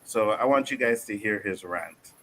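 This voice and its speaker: A man from Canada hosting a casual panel podcast, telling stories in a lively, profane way and acting out the quotes. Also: fairly low pitch, moderate pace, slight background noise, low-quality recording. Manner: animated storytelling, profane, acts out quotes. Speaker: podcast host.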